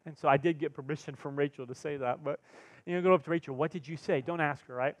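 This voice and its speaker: A male pastor preaching a sermon, telling personal stories with lively, self-mocking humor and acted-out quotes. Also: on the high side, fast, dry recording. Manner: animated storyteller, acts out quotes, laughs at himself. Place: church sanctuary.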